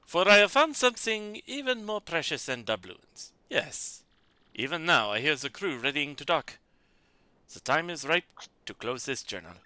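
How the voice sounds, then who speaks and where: A man's voice: sits high, very animated, moderate pace, sharp tone, clear, resonant tone, dry recording, pitched above the performer's own voice, heavily acted. A man voicing a pompous, dramatic male sailor-merchant with a theatrical French-tinged accent, reading game dialogue. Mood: grandiose. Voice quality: theatrical, flamboyant.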